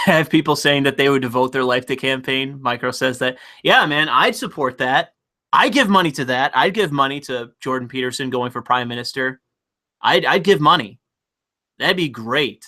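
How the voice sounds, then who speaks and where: A man hosting a livestream, ranting profanely and excitably while reading chat donations aloud. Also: mid-range voice. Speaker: livestream host. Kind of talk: casual livestream rant.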